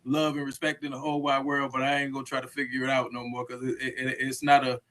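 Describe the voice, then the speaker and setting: A man on a video call in casual panel chat, halting and repeating words as he thinks aloud. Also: medium pitch, little pitch movement, a bit bright.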